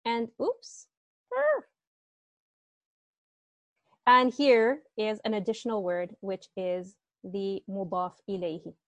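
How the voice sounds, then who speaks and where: A woman's voice: mid-range voice, lively intonation, slow pace, long pauses, dry recording, muffled recording. A woman teaching Arabic grammar to students online, explaining patiently step by step and asking them questions, speaking through earbuds on a video call.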